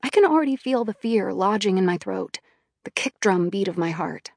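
A woman reading a first-person audiobook in a quiet, inward, subdued manner. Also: mid-range voice, expressive, normal speed, creaky, no echo, studio quality. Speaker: audiobook narrator.

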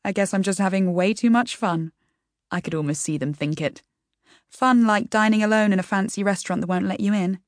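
A woman's voice: mid-range voice, a little fast, no room sound, clean studio sound. A woman narrating a first-person audiobook in a wry, self-deprecating storytelling manner.

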